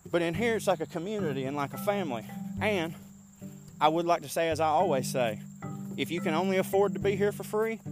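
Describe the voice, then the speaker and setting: A man, hosting a casual podcast rant while walking outdoors, animated, profane and rambling. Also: a little high. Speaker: podcast host.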